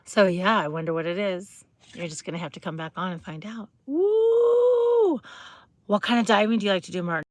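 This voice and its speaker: This livestream host has a fairly low voice and talks quickly, with no room sound at all. She rambles bubbly to her viewers, greeting them, asking questions, and leaning on lots of fillers and restarts.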